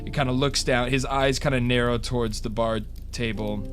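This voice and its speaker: A man's voice: medium pitch, fairly even intonation, moderate pace, hardly any pauses, music in the background. Man narrating a tabletop game. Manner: hesitant, many fillers. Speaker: game master.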